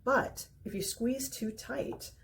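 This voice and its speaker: Woman putting on a squeaky, cheery boy skunk, high and bouncy, helpful. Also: takes it slowly, vocal fry, slight background noise. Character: friendly, easygoing male skunk.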